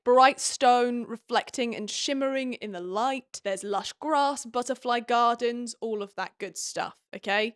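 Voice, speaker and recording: A young woman tears through a book recap with sarcastic, animated commentary and the odd swear. Her voice sits a little high, and the sound is dry and close. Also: no room sound. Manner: sarcastic, animated, swearing, reads excerpts aloud. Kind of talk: comedic book recap with read passages.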